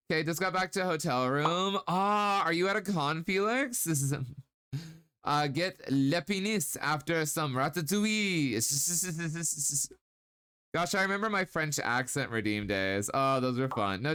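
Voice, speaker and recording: Bright, giggly male streamer. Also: fairly high pitch, clean tone. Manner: playful, giggly, teasing, drawn-out baby talk at times. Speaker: streamer host. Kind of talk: casual live-stream chat.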